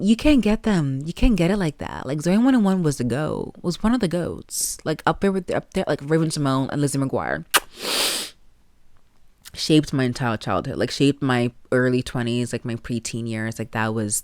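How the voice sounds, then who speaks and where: Chatty woman host, low voice, dry sound. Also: animated, normal speed, darkish tone, no echo. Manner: rambling, chatty, with frequent likes and laughs. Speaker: podcast host. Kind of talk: casual solo podcast chat. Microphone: plugged-in podcast mic.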